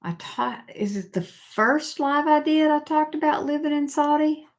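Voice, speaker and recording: An older woman with a high voice hosts a relaxed live stream, talking with viewers and haltingly reading their comments aloud. She fills her speech with fillers and often starts over.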